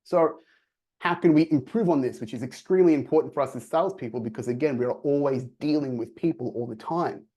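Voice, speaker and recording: Man, sales coach webinar, mellow tone, acts out dialogue. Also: medium pitch, quick pace. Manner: energetic, acts out quoted dialogue in lively voices. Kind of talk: presenting to a virtual audience.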